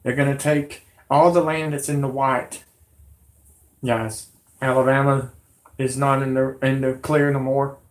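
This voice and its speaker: A man with a hoarse, sick voice, rambling to his viewers in an agitated, pleading, repetitive way. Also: medium pitch, level tone, measured pace. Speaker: conspiracy vlogger. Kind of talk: rambling monologue to camera.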